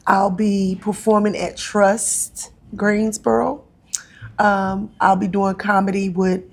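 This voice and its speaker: A woman from North Carolina, a guest talking casually in an interview, with many ums and pauses. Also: medium pitch, a little mellow. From North Carolina, USA. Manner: chatty, frequent ums and pauses. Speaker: actress and comedian guest.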